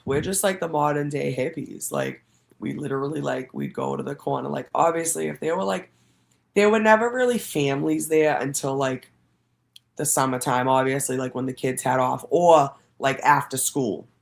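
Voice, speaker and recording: A woman's voice: rumbling low, expressive, moderate pace, vocal fry. A woman hosting a livestream show, telling stories in a rambling, profane way and laughing often. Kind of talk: casual storytelling.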